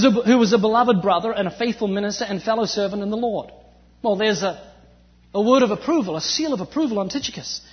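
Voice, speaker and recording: A man from New Zealand with a faint New Zealand accent, preaching a sermon with animated emphasis that swings from loud to hushed. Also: sits high. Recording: dull sound with long hall reverb.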